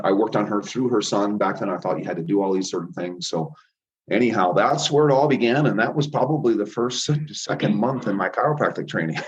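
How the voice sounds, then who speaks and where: Middle-aged male guest, anecdotal and rambling, fairly low voice, dull lo-fi recording. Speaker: interview guest, chiropractor and healer. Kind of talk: casual storytelling interview. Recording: dull lo-fi audio.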